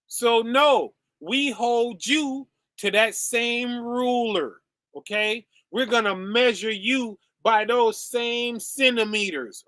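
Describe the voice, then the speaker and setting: Slow, bright-voiced man preaching emphatically. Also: very high voice, dry recording, clean studio sound. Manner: emphatic, peppers lines with "okay?" and "right?"; rhetorical questions, slangy. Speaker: podcast host. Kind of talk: preachy commentary.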